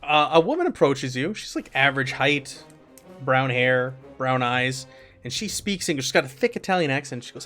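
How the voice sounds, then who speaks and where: A man narrating and running a tabletop game as game master, talking in a relaxed way with many fillers. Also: mid-range voice, moderate pace, faint music behind. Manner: relaxed, filler-heavy descriptions.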